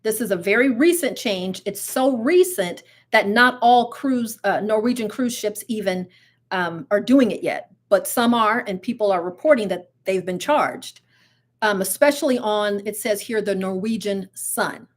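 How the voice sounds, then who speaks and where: A woman's voice: medium pitch, moderate pace. A woman hosting her own cruise channel, telling stories and reading news in a chatty, giggly way with plenty of asides and fillers. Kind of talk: casual live-stream chat and storytelling.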